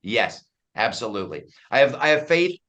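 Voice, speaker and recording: A middle-aged man talks as a guest in a relaxed interview, his delivery emphatic and full of restarts. His voice sits at an ordinary pitch for a man. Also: moderate pace. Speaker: guest comedian and commentator. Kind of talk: casual interview chat.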